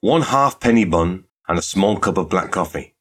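A young storybook suitor with a precise, deadpan manner and whimsical gravity. A male reader plays him close to his own voice, low and slightly husky. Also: normal speed. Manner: precise, dry. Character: grave, whimsical red-haired young man.

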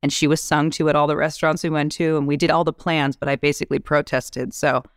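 Frank, animated woman guest, smooth voice. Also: low-pitched, fast talker, no room sound, studio quality. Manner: animated, laughing, acts out quotes; frank, swears casually. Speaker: actress guest. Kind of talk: candid podcast storytelling.

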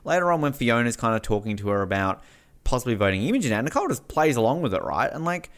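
Animated Australian man chatting. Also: quick pace. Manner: animated, swings between high and low, acts out quotes. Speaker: podcast host. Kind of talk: casual chat.

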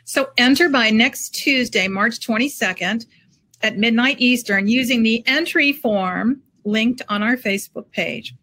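A woman's voice: a little high, a little slow, bright, forceful tone. A woman co-hosting a book show, reading giveaway details in an upbeat, slightly scattered way. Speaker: co-host. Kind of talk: casual chat.

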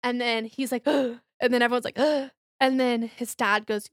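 A woman's voice: fairly high pitch, fairly even intonation, normal speed, hardly any pauses, no room sound, clean studio sound. A young woman telling candid stories in a casual chat. She fills her talk with fillers and acts out what others said. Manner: candid storytelling, acts out quoted voices, many fillers. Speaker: podcast co-host.

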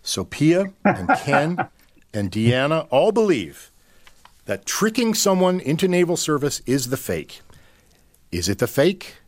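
Lively playful male game-show host. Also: on the high side, takes it slowly, slight background noise. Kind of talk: radio game show hosting.

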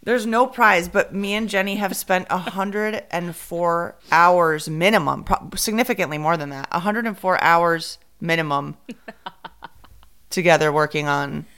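Woman co-host, rambling casual chatter with Spanish fillers, smooth clear voice. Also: on the low side, fairly bright tone. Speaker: podcast co-host. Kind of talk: casual chat.

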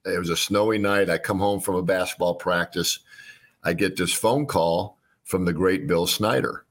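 A former quarterback from Illinois, now in his sixties, tells folksy stories as a guest in an interview. He's an unhurried storyteller who often restarts his sentences, speaking in a low-pitched, steady tone.

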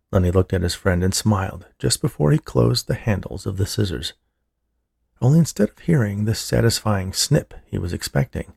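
Gravelly low-voiced male narrator. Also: darkish tone, no echo, studio quality. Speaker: horror story narrator. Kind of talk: scripted narration.

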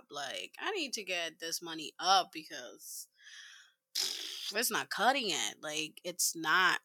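Animated woman co-hosting a chat podcast. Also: on the low side, takes it slowly, dry recording. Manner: animated, laughing, drops into hushed asides. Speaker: podcast co-host. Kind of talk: casual chat.

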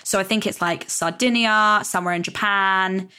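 A woman's voice: mid-range voice, fairly even intonation, moderate pace, sharp tone, clean tone. A young British woman hosting a solo podcast, talking casually and rambling, with many fillers and self-corrections. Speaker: podcast host.

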